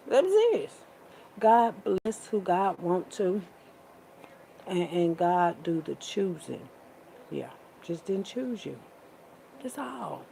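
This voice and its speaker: A woman's voice: mid-range voice, gravelly, a little mellow, a little hiss or hum, poor audio. A woman, sassy and preachy, calling listeners baby and child. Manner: sassy, preachy, drawn-out with pet names. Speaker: vlogger. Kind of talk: casual monologue to camera.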